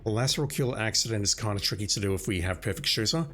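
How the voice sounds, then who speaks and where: A man streaming a video game, hoarse and losing his voice, planning his moves aloud as he plays. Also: fairly low pitch, fast talker, a bit bright. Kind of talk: gaming commentary.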